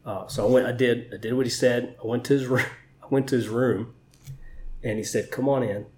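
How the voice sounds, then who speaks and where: A man's voice: mid-range voice, fairly even intonation, a little fast. A man sits with an interviewer and talks through his stories in a candid, emotional way, swearing as he goes. His voice sits in the middle range for a man. The room around him gives it a roomy echo. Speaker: interview guest, Navy chief. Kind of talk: conversational storytelling.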